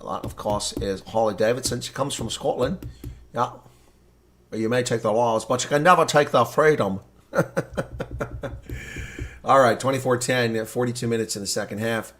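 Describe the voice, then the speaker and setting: Excitable man calling rugby live. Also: medium pitch. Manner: excitable, swings from calm calling to loud outrage; talks to chat viewers between plays. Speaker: livestream rugby commentator. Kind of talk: live reaction play-by-play commentary.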